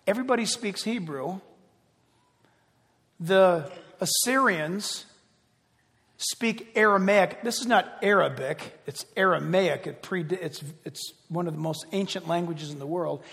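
A man preaching a sermon as pastor, animated and conversational, often acting out quotes. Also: high-pitched, in a large hall.

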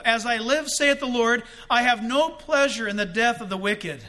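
High bright-voiced male preacher. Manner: preaching with dramatic slowdowns and emphatic rises. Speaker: pastor. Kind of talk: sermon.

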